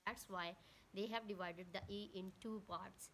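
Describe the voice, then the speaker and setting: A woman's voice: medium pitch, fairly even intonation, moderate pace, a bit bright, slight background noise. Woman teacher spelling words letter by letter. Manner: patient, explains step by step, spells words out letter by letter. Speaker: English teacher. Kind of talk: online grammar lesson.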